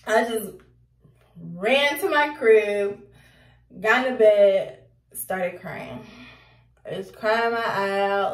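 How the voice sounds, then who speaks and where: A young woman telling a casual storytime, animated and slangy, laughing as she talks. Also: on the high side, recorded from a distance. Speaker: vlogger. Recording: roomy echo, off-mic.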